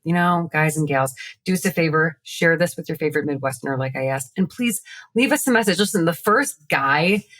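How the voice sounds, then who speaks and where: A woman's voice: low voice, a little fast, a bit bright. A woman co-hosting a podcast, chatting casually and joking, with frequent laughs. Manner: rambling, joking, laughs often. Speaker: podcast co-host. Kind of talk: casual chat.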